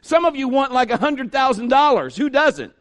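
High-voiced animated preacher man. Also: normal speed. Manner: animated storytelling, acts out voices. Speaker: pastor. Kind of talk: sermon.

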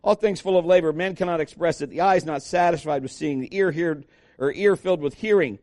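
Man preaching a lively, chatty sermon. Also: on the high side, a little fast, no room sound, studio quality. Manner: conversational preaching, lively asides to the congregation. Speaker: pastor.

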